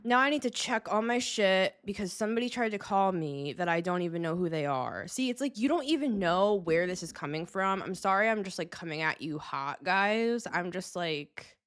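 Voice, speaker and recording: A woman's voice: mid-range voice, animated, normal speed, hardly any pauses. A woman hosting a casual tarot reading vlog, rambling and agitated, swearing and laughing as she talks. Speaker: tarot reader, show host.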